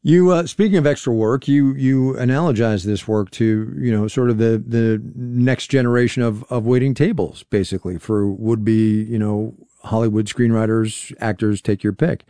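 A man's voice: mid-range voice, steady tone, dark tone, dry recording. Dry-sounding male radio host. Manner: measured, with small restarts. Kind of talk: radio interview.

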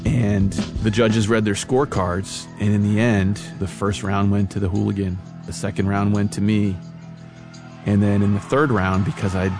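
A young adult man telling a personal story in a relaxed, casual way, with easy fillers. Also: on the low side, moderate pace. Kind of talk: personal storytelling over music. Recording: guitar music behind voice.

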